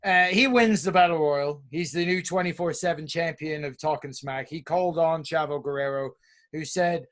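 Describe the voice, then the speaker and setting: High-voiced man recapping wryly. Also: normal speed, a bit bright. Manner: recaps events wryly, swears casually, laughs through lines. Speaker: podcast co-host. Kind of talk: casual wrestling podcast recap.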